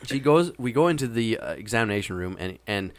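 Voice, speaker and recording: A man's voice: lowish voice, animated, a little fast, slight background noise. A man casually telling a long, meandering anecdote with frequent hesitations. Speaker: storyteller. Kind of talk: casual chat.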